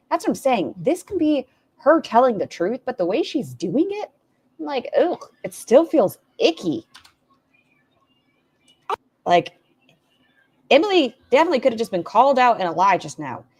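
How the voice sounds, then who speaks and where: A woman's voice: medium pitch, very animated, brisk, darkish tone, breathy edge. A woman hosting a reaction video, making sarcastic, profane asides. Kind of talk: casual commentary.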